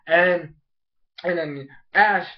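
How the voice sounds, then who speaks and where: A man giving a rambling, excitable casual recap of an anime episode, acting out the characters' lines. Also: high voice, dull audio, slight background noise. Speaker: anime reviewer.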